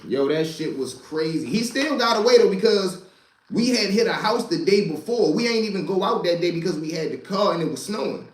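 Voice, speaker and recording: Animated profane man telling street stories. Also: high-pitched, brisk, roomy sound, rough recording. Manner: animated, profane street slang, repeats himself for emphasis. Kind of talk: casual storytelling.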